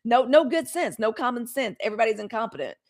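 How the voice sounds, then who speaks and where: A middle-aged woman hosting a live news commentary stream, speaking. She is blunt and animated, swears freely, and breaks off to answer viewers in the chat. Her voice sits a little high for a woman. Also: quick pace.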